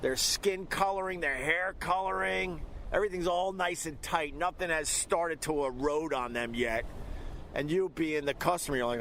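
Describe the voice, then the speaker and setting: A man hosting a radio show, telling rambling, indignant anecdotes, heard from a low-quality clip. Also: normal speed, a bit bright. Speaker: radio host. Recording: noisy radio clip from YouTube.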